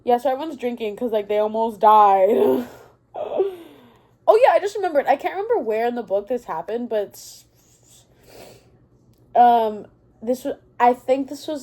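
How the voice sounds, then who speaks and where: A young woman with a slightly high, mellow voice rants casually about a favorite book. She talks in an excitable, rambling way, losing her thread and doubling back to fix the order of events. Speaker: book vlogger.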